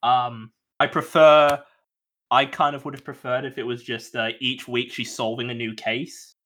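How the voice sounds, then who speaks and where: A man's voice: medium pitch, little pitch movement, normal speed, fairly bright tone. A man co-hosting a podcast, rambling and hesitant in casual chat. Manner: rambling, hesitant, laughs often. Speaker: podcast co-host.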